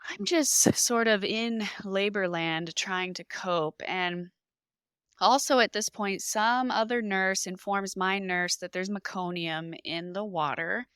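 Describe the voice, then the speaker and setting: Bright, clear-voiced woman telling her story. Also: medium pitch, takes it slowly, no echo. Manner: animated, emotional retelling with lively reenacted quotes. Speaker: podcast guest. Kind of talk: personal storytelling in a podcast interview.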